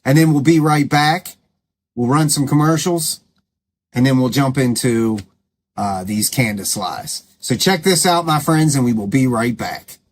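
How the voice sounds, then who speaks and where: A man's voice: mid-range voice, unhurried, slight background noise. A man hosting his own commentary show, scolding and sarcastic as he rebuts claims, with an emphatic, combative delivery. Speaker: commentary channel host.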